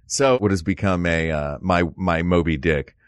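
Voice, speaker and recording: A young man co-hosting a casual comedy podcast, chatting in an animated way with quick jokes and asides. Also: sits low, no room sound. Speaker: podcast co-host and actor.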